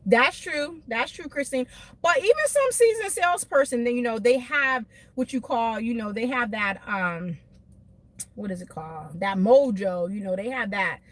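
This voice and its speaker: Animated woman venting on a live stream. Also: a little high, normal speed. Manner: animated, emphatic, laughs often, talks to chat by name. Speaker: beauty vlogger doing a live stream. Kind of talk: casual venting rant to live viewers. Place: in a car.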